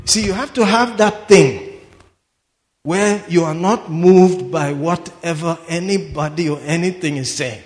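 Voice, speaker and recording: High-voiced preacher. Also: male voice. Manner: emphatic, swinging from low asides to shouted declarations. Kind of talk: sermon. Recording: long hall reverb.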